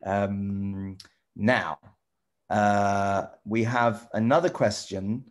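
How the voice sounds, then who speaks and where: A middle-aged man chatting casually with children over a video call, rambling and halting with lots of restarts. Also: fairly low pitch, steady tone. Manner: rambling, halting, full of restarts and "you know". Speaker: celebrity guest answering children's questions. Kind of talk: casual friendly chat with children.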